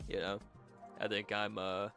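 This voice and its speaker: Young male streamer, bright forceful voice, slightly congested, rambling with laughs; faint music underneath. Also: lowish voice, level tone, measured pace, vocal fry. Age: young adult. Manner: rambling, laughing, many restarts. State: slightly stuffy nose. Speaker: vtuber streamer. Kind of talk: casual chat with stream chat.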